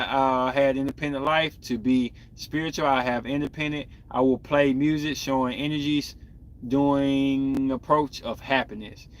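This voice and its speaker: Bright-voiced man chatting candidly. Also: fairly high pitch. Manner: candid, rambling, talks to viewers. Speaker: podcast host. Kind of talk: casual live-stream chat.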